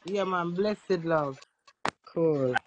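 On a phone live stream, a Jamaican woman known on social media delivers a crude, brash rant, standing defiant against her critics. She speaks very slowly in a rather low, slightly mellow voice; the highs are cut off and there's slight background noise.

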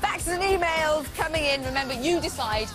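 A female breakfast TV host talking fast and high, chirpy and teasing as she runs the phone-in. Music plays clearly behind her on the broadcast. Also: lively intonation. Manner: chirpy, quick-fire, teasing with callers. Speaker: TV breakfast show presenter. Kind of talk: lively live TV presenting.

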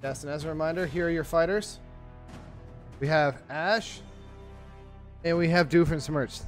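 Man game host, higher voice, playful announcer tone, faint music behind him. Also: measured pace. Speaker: host of an online AI battle game. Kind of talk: casual hosting chat.

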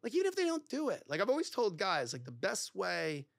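Man, middle-aged, podcast guest, storytelling, lively swooping pitch, dry close sound. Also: fairly quick, gravelly, dry recording. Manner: animated, talks in bursts with many fillers, acts out quoted dialogue. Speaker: divorce lawyer, podcast guest. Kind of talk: podcast interview, conversational storytelling.

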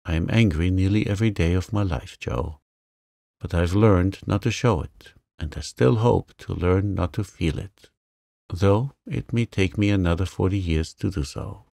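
Man reading as a gentle wise mother. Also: low-pitched, normal speed, vocal fry, no echo, clean studio sound. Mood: tender. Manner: soothing, tender. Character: calm gentle wise mother, middle-aged.

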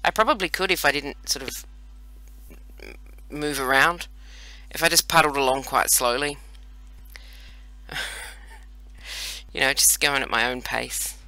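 A man's voice: mid-range voice, normal speed, creaky, long pauses, sharp tone, no room sound. An Australian man around forty, chatting playfully and mocking himself as he plays a video game. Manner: chatty, self-mocking, playful running banter. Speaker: let's play host. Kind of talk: casual gameplay commentary.

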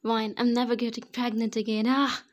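A woman's voice: on the high side, flat delivery, unhurried, natural voice. A woman voicing a demanding, emotional young pregnant wife, speaking in a whiny, raised voice in an amateur story reading. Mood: pained.

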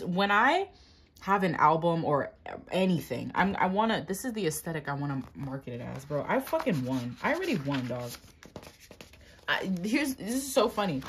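Excitable young woman, lively swearing vlogger. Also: sits low, a little hiss or hum. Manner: excitable, swears a lot, gasps and squeals. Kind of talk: casual unboxing chat.

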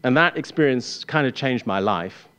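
An English man telling a wry, self-deprecating personal story on stage before a live audience, with halting restarts. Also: medium pitch, lively intonation, fairly bright tone, clear, resonant tone. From England.

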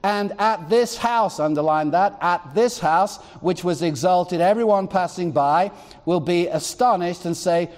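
High-voiced pastor preaching in a reverberant hall. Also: male voice, measured pace, a little mellow. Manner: rhetorical questions, reading scripture aloud. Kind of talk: sermon. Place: church.

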